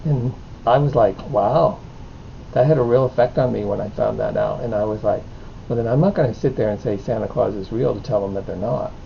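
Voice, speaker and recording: A man's voice: fairly low pitch, a little fast, creaky. A middle-aged man, a father, talking in a rambling podcast conversation and often restarting his sentences. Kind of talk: casual conversation. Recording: dull lo-fi with faint noise.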